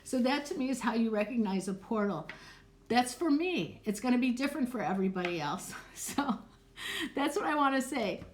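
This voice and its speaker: A middle-aged woman psychic answering questions in a live stream, chatty and candid, swearing casually and laughing often. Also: fairly high pitch. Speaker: psychic and clarity coach.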